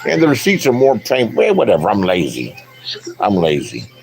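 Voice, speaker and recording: A man's voice: fairly low pitch, huge pitch swings, a little fast, creaky, darkish tone, faint music behind. An older man, an online commentator, delivering a profane, boastful rant into his phone in a taunting, swaggering manner.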